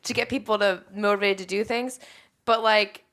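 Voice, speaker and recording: A woman's voice: medium pitch, normal speed. A woman co-hosting a podcast, chatting casually with lots of "like" and acting out people's reactions. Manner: lively, many "like" fillers, acts out reactions. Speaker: podcast co-host. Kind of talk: casual recap chat.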